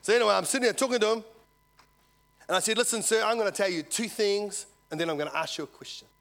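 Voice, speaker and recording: A man preaching a sermon, telling a story and swinging from loud to hushed. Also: high voice, fast talker. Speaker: visiting preacher.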